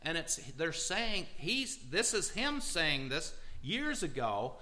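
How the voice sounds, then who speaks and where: A man's voice: fairly high pitch, very animated, slow, pushed and bright, low-quality recording. A man giving a sermon-style talk, reading quotes aloud with emphatic stress. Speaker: preacher.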